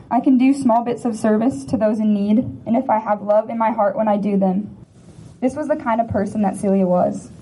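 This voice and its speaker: A woman's voice: a little high, dark tone, slight background noise, rough recording. Earnest woman giving a memorial tribute. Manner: earnest, rhythmic, repeating phrases. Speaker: memorial speaker, friend.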